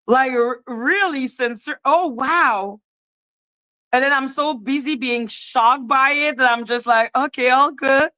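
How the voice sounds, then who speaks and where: A woman hosting a podcast, telling a story in casual chat, excitable and animated, swearing and laughing as she retells it. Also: sits high, measured pace, poor audio. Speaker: podcast host.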